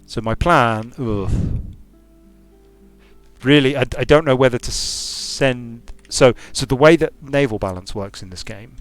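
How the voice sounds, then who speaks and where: A game designer from the United Kingdom streams a strategy game, musing aloud in casual, digressive commentary with a British accent. He speaks at an unhurried pace in a medium-pitched, clean voice, with no echo and faint music behind.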